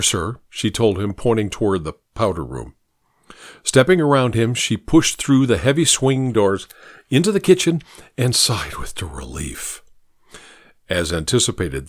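A man's voice: medium pitch, no echo, studio quality. A man narrating a story as an audiobook reader, lightly voicing the characters in the dialogue. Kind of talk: scripted narration.

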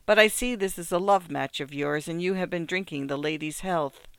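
Reader doing a male antique dealer, dry and biting, curt, smooth clear voice, dry close sound. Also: medium pitch, moderate pace, fairly bright tone, no room sound. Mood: impatient. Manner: brusque, impatient, mocking chuckles.

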